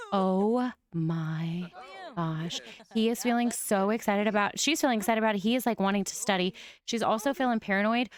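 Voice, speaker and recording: A young woman commenting on her life-simulation game, gushing and often breaking into excited squeals. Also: mid-range voice, normal speed. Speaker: gaming YouTuber.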